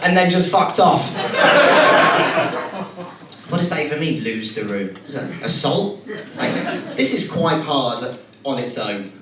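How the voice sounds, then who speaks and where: Young male stand-up from Birmingham, dry and self-deprecating, taped from far back in a boomy club. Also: measured pace, pauses often, very noisy. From Birmingham, England. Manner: deadpan, self-mocking, with stammered restarts. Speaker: stand-up comedian. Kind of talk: stand-up set. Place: comedy club stage. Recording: roomy club sound from far off, loud crowd.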